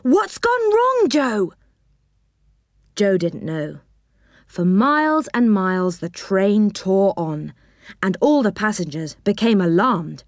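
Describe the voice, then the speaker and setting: A woman reading a children's storybook aloud with expressive, animated narration. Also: medium pitch, takes it slowly, dry recording, clean studio sound.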